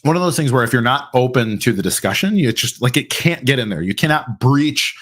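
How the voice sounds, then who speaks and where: A man's voice: mid-range voice, lively intonation, a little fast, fairly bright tone. A man hosting a live ask-me-anything stream who talks in a rambling way, full of fillers and restarts. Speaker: host.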